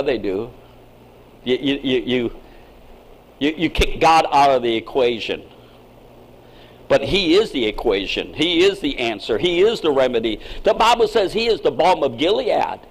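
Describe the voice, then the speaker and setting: High-voiced preaching man, emphatic. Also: low-quality recording. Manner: emphatic preaching with sudden swings in pitch and loudness; repeats and restarts words. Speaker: pastor. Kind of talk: sermon.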